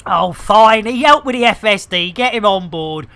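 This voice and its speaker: Animated, bright-voiced English streamer. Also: male voice, high voice, normal speed, gravelly. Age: middle-aged. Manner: animated, swearing, ranting. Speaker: game streamer. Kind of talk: casual streaming chat.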